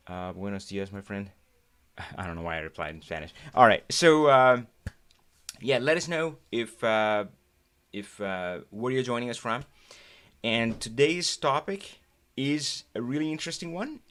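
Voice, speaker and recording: A man's voice: medium pitch, fairly bright tone, smooth. A man hosting a casual live stream, chatting and greeting viewers by name. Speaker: host. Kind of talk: casual livestream chat.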